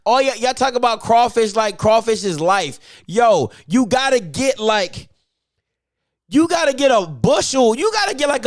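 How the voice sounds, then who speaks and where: A man's voice: very high voice, no room sound, clean studio sound. A man hosting a casual show, mocking a caller and stumbling over his own words. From Maryland. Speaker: host. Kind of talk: casual chat, playful trash talk.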